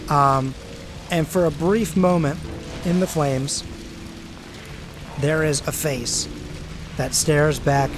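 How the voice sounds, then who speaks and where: A man narrating as game master of a tabletop game, casual and halting with many fillers. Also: medium pitch.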